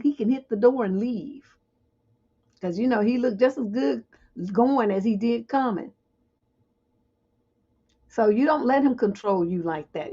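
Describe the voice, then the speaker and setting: A woman's voice: on the high side, a little mellow, slightly rough, dull audio. A woman hosting a livestream advice show, reading viewer questions aloud and answering them with blunt, joking frankness. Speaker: relationship advice host.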